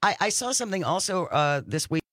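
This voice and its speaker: Talk radio host, dry close voice. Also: male voice, sits high, big pitch swings, a little fast, a bit bright, dry recording. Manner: conversational, with station breaks and listener prompts.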